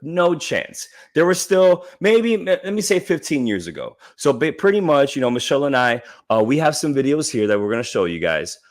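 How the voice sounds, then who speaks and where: A man's voice: a little high, very animated, moderate pace, few pauses. A man in his thirties co-hosting a casual podcast, talking loosely with fillers and frequent laughs. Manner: loose, rambling, laughs often, many fillers. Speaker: podcast co-host. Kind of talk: casual recap chat.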